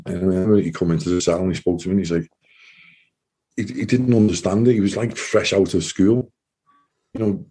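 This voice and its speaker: A low, mellow, husky-voiced man in his thirties tells his story in a relaxed interview. He speaks haltingly, restarting his sentences and acting out past conversations as quotes. His voice sits deep and dark. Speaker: interview guest, former soldier.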